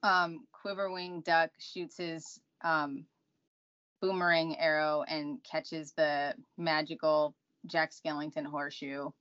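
A woman with a low voice speaks slowly as she chats with her co-host about a comic. She is laid-back and keeps her replies brief. The audio is dull and lo-fi. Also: little pitch movement, fairly bright tone, clear, resonant tone. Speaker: podcast co-host. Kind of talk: casual comic book podcast chat.

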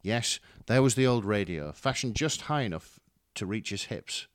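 A man narrating a fan story with a dramatic, wry delivery. His voice sits on the low side yet moves very expressively. The recording is close and dry. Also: animated, normal speed, dry recording. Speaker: story reader. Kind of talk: expressive fan fiction reading.

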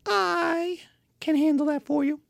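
A woman voicing a sly, eager rich small-town man, high and wheedling as she acts him out in a lesson. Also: fairly even intonation, a little slow, vocal fry, no room sound, studio quality. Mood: scheming. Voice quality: high, wheedling, sing-song.

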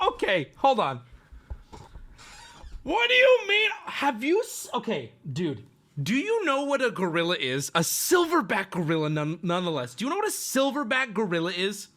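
High, lively man telling a story. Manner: animated, swearing, bursts into yelling. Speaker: livestream host. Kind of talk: casual storytelling to chat.

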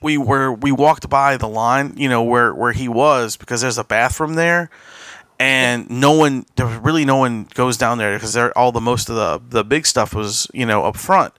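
A man's voice: medium pitch, moderate pace, a bit bright, no room sound. A man hosting a podcast, telling a long casual story with frequent restarts and quoted asides. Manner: rambling anecdote with laughs and quoted asides. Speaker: podcast host.

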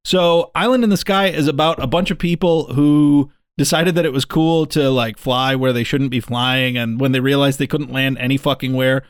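A man's voice: medium pitch, fairly even intonation, moderate pace, hardly any pauses, smooth, no room sound, studio quality. A man co-hosting a casual movie podcast, playful and jokey with blunt opinions. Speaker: podcast co-host.

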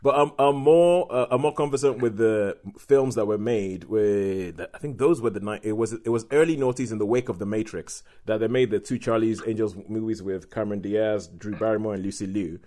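A man with a lowish voice co-hosting a casual film-review podcast. He talks in an animated way and laughs often. He slows down to stress his points. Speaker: podcast co-host.

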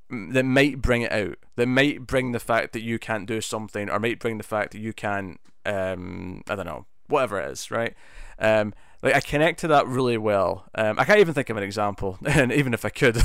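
In a casual spoken review, a man talks his way through a TV episode, rambling, restarting often and leaning on fillers. His mid-range voice is a bit bright and clean, captured dry at studio quality.

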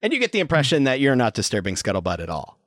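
A man running a tabletop role-playing game as game master, narrating scenes in a relaxed way with fillers. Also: medium pitch, no echo, clean studio sound. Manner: relaxed storyteller with fillers, puts on quick voices.

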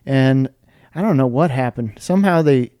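Playful priest host, mellow voice. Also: male voice, mid-range voice, lively intonation, normal speed, dry recording, studio quality. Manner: playful teasing. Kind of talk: casual podcast chat.

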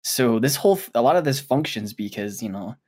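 A man's voice: medium pitch, expressive, fairly quick, darkish tone. Rambling man in casual group chat. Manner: rambling, repeats words while thinking.

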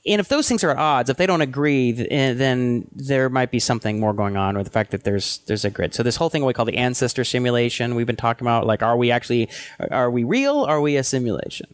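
A man co-hosting a casual tech podcast, thinking aloud in a loose, halting way with frequent restarts. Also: medium pitch, expressive, clear, resonant tone, no room sound. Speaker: podcast co-host.

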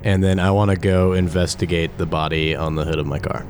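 A hoarse man playing a tabletop role-playing game, cracking jokes. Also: deep voice, steady tone, brisk, a little mellow, soft background music. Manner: joking, wisecracking. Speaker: player. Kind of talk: casual game table chat.

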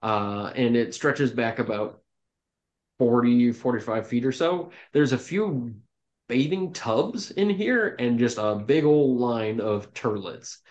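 A man running a tabletop game as dungeon master, narrating in a loose, relaxed way full of ums and restarts. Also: mid-range voice, takes it slowly, lo-fi sound. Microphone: home microphone on an online call.

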